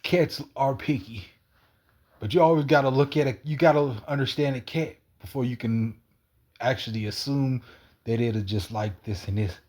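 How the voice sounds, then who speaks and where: A man's voice: mid-range voice, normal speed, darkish tone. A man in a rambling, wandering monologue, repeating himself and swearing casually. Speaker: cat feeder.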